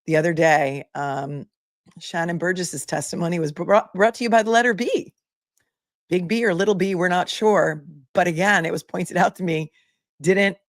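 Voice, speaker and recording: A woman's voice: sits low, no room sound, studio quality. A woman in her forties hosting a casual livestream, chatting and reading viewer comments aloud. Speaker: legal commentary livestream host.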